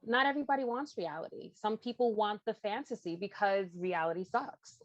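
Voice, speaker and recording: A woman's voice: mid-range voice, brisk, dry recording. A woman talks plainly and frankly as a guest on a romance authors' podcast panel, in a mid-range voice. Her audio is dry and dull, with no room sound at all. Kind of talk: casual panel chat.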